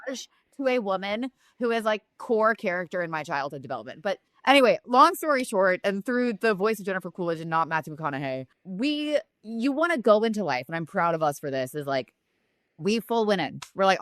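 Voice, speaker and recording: A woman co-hosting a podcast in frank, animated casual chat, swearing freely, recorded remotely. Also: medium pitch, brisk, no echo, studio quality. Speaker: podcast co-host.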